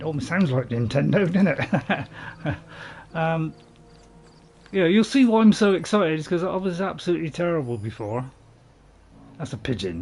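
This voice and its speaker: An excitable man talks his way through a video game at home, swinging between panic and calm as he coaches himself along. His voice sits a little high and leaps up and down constantly. A faint hiss runs underneath. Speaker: gaming channel host. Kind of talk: live gameplay commentary.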